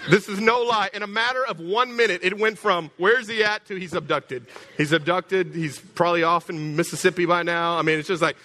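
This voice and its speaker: Animated preacher man, bright voice. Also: high voice, brisk, hardly any pauses. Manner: animated, repeats words, calls out to congregation. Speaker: pastor. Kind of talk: storytelling sermon.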